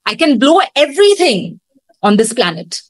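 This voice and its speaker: A woman's voice: high voice, very animated, normal speed, husky, exaggerated voice. A woman voicing an arrogant, proud male wind god within a retold myth.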